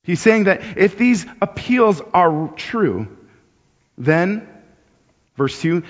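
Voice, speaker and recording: A man's voice: sits high, expressive, a little slow. A man preaching a sermon in a conversational way, often repeating words as he goes, and pushing his voice up when he acts out urgent appeals. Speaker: pastor. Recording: dull sound with long hall reverb.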